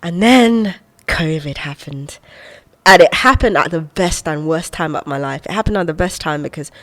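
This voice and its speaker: A young woman in her twenties, a podcast guest who talks in an expressive, animated way and laughs often while reflecting on her life. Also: deep voice, moderate pace. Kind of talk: reflective conversational storytelling.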